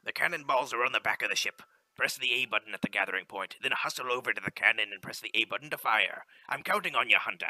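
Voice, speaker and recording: A man voicing a folksy male ship captain with a loud, rustic drawl, reading game dialogue in character. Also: mid-range voice, quick pace, no echo. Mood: commanding.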